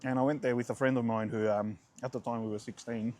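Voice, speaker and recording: Aussie guy in his 40s, laid back food vlog chat, rambly stories, mid pitched voice. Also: fast talker. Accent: Australian. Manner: chatty, relaxed, rambling anecdotes with restarts. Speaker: food vlogger. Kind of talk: casual food vlog storytelling.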